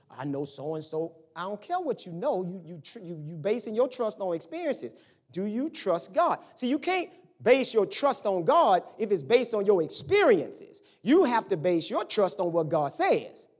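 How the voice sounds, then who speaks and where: A middle-aged pastor preaching a sermon in a conversational, animated way, firing off rhetorical questions at the congregation. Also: medium pitch, husky.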